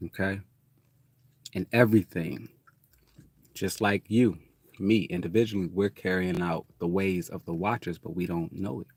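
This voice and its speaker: A man rambles through a casual spiritual monologue and swears freely. His voice sits a little low. The sound is dry and close, with no room around it. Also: fairly even intonation, normal speed, long pauses, darkish tone, breathy edge, dry recording. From Detroit, USA. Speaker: host.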